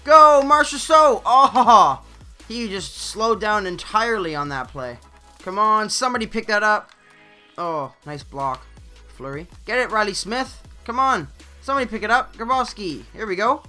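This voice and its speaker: Young guy doing live game commentary, bright edgy voice, casual, yells then mutters, faint music behind. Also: animated, normal speed. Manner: casual, swings between loud outbursts and low mutters. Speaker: gaming channel host.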